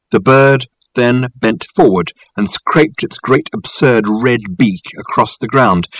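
A man reading a novel aloud in a wry, measured storytelling voice, lightly voicing the characters. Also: medium pitch, husky, no room sound, poor audio. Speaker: audiobook narrator. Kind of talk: scripted narration.

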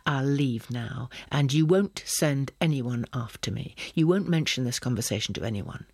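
A man reading an audiobook, voicing a young woman spy who is calm, cutting and quietly threatening. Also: mid-range voice, normal speed, slightly rough, dry recording, studio quality. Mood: coolly menacing.

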